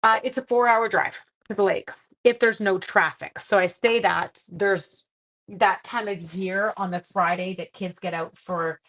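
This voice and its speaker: This Canadian live-stream crafting host is a middle-aged woman whose medium-pitched, fairly bright voice stays fairly even and a little slow. She chats casually with viewers, reading comments as she makes cards.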